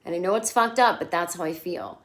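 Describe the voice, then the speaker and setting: A woman's voice: fairly low pitch, brisk, lightly acted. A woman quoting a frank single friend who speaks bluntly and matter-of-factly.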